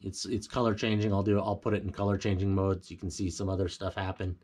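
A man's voice: deep voice, little pitch movement, quick pace, darkish tone, breathy edge. A man giving a casual walkthrough of a home theater build, explaining things plainly with fillers and self-corrections. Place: home theater room, indoors.

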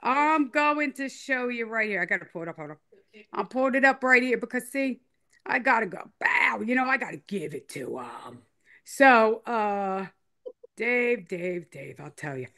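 A woman's voice: fairly high pitch, big pitch swings, normal speed, a bit bright. Rambling woman guest teasing playfully. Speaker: interview guest telling her story. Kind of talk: casual on-camera interview.

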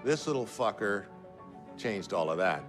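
A man's voice: on the low side, sing-song, unhurried. Seasoned newsman, blunt, worldly, TV drama, music underneath. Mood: wry. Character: veteran male journalist, blunt and worldly. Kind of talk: TV drama dialogue. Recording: show audio with music behind.

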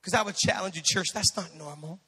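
A male pastor preaching a sermon in a church, impassioned, building to shouted peaks and joking with the congregation. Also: high-pitched, a little fast, slightly rough. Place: church sanctuary. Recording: reverberant church hall.

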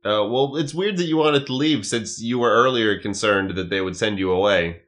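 Low-voiced man joking on a podcast. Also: normal speed, fairly bright tone. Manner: joking, rambling recaps. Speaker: podcast co-host. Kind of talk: casual comedic chat.

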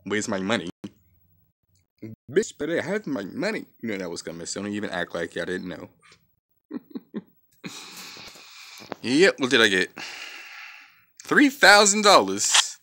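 A man giving profane, trash-talking commentary over his own gameplay, reacting loudly to each fight. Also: lowish voice, very animated, moderate pace, pauses often. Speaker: gaming channel host. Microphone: off-camera voice-only mic.

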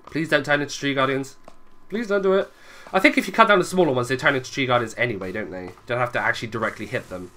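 A man's voice: medium pitch, quick pace, pushed and bright. A young man giving chatty let's play commentary, muttering asides to his viewers as he plays. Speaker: gaming video creator.

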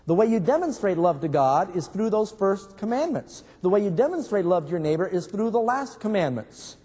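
A man preaches in a somewhat high, husky voice, weaving stories into his sermon and throwing questions to the congregation. His words ring out with a long reverb, as in a large church hall. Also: big pitch swings, fairly quick, dark tone. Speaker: pastor.

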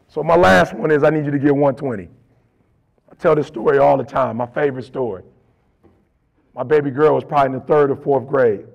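A middle-aged motivational speaker tells stories in a colloquial, emphatic style. His medium-pitched voice is creaky and a little fast, and he pauses often.

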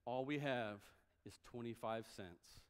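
A man's voice: mid-range voice, slow, clear, resonant tone. A man preaching a sermon as a pastor, in a conversational style, acting out the voices of the people he quotes. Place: church sanctuary. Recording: long hall reverb.

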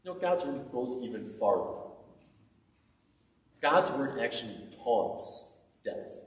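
A middle-aged man preaching a sermon, telling stories with earnest, emphatic delivery and some rising, taunting outbursts. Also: mid-range voice. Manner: earnest storytelling, lively emphatic taunting with pauses. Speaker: pastor. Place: church sanctuary. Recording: echoey church from far off.

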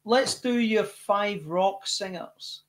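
This Scottish rock singer, speaking slowly in a high, bright voice, is a guest in a relaxed interview. He tells lively stories, stumbling over restarts and repeating words along the way.

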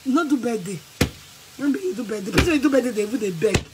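A woman with a Nigerian accent, ranting angrily and scolding someone in bursts of shouting and threats. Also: fairly high pitch, expressive, quick pace, very noisy. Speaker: vlogger. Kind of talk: angry rant to camera.

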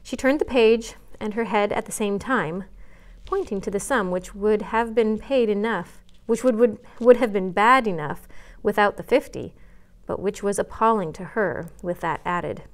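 A woman's voice: medium pitch, normal speed. Woman reading a chapter book aloud. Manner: gentle expressive reading with brief asides. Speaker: children's librarian reading aloud. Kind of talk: read-aloud storytime narration.

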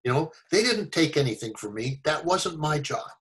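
An older American actor telling stories in a casual interview, animated and fond of acting out the voices of people he quotes. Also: on the high side, moderate pace, low-quality recording. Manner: animated storyteller, acts out quoted voices, chuckles often. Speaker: actor guest.

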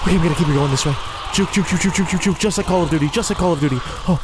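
A man's voice: a little high, very fast, hardly any pauses, background noise. Sarcastic young man narrating gameplay. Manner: sarcastic, self-deprecating running commentary. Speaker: role-play gaming creator. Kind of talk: narrated game role-play.

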